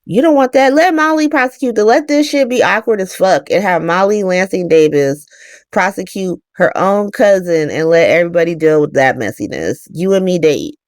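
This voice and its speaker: A woman's voice: fairly low pitch, expressive, normal speed, no room sound, studio quality, lightly acted. A woman voicing a blunt male mob boss, talking in a streetwise, profane and insistent way.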